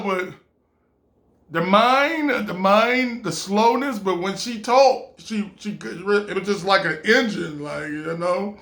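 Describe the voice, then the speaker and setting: Man, twenties, high-pitched, casual rambling anecdote, frequent laughter. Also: a bit bright. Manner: rambling, laughing often, heavy use of "like". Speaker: storyteller.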